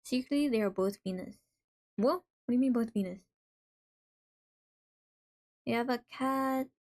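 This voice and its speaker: A woman hosts a casual live stream in a fairly high, unhurried voice with a darkish tone. She reads viewers' messages aloud and reacts to them playfully.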